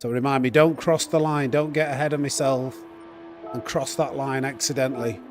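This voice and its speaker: A man's voice: mid-range voice, fairly even intonation, moderate pace, over music. A man chatting casually on a live stream, reading chat and restarting his sentences often. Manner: chatty, reads chat aloud, frequent restarts and fillers.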